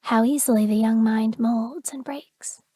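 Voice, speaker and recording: A woman narrator voicing a brooding, protective young man in an audiobook, speaking low, hushed and grave. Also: steady tone, unhurried, breathy edge, no room sound.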